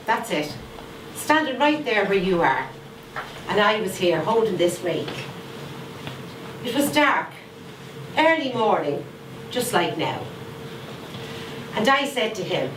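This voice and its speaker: A woman playing a fierce old grandmother. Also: mid-range voice. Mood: recounting. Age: older. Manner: dramatic storytelling with slow emphatic repetition. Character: fierce widowed grandmother guarding the garden cats. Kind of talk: theatre monologue. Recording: echoey room, far from mic, faint noise.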